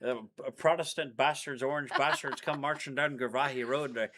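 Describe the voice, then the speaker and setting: A man's voice: medium pitch, fairly even intonation, moderate pace, slight background noise, lightly acted. A man voicing a fiery, ranting Irish republican with a put-on Irish accent. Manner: loud, ranting.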